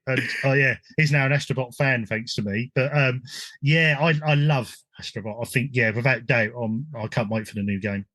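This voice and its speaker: A man's voice: mid-range voice, fairly even intonation, a little fast, fairly bright tone, no room sound. An English man hosting a casual gaming podcast, chatty, with frequent ums and restarts. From England. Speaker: podcast host.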